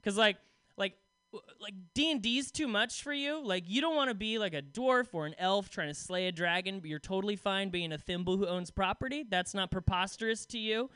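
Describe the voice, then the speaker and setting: A man's voice: high-pitched, a little fast, bright, forceful tone, smooth, no room sound. A young adult man doing a rambling, self-deprecating stand-up comedy set, full of "like" fillers.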